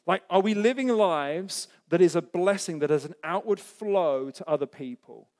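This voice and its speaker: A man's voice: high-pitched, expressive, moderate pace, a little mellow. A man preaching a sermon as pastor, earnest and conversational, asking the congregation rhetorical questions. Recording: echoey hall.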